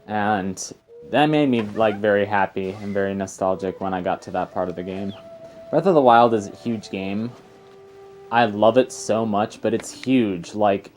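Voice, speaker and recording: A man's voice: on the low side, a little mellow. A young man giving casual, rambling gameplay commentary as a let's player. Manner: rambling and chatty, full of fillers and tangents. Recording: game music faintly behind. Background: faint game music.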